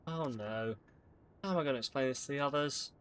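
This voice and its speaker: A man on a live stream playing a game, reading its dialogue aloud and thinking out loud, with lively delivery. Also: mid-range voice, a little fast, clean tone.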